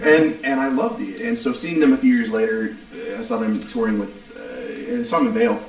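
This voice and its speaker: A man in his thirties on a podcast, telling loud, profane stories and quoting people as he goes. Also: medium pitch, steady tone. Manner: fast, profane storytelling with quoted voices. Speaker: podcast co-host. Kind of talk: casual chat. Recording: roomy, distant mic.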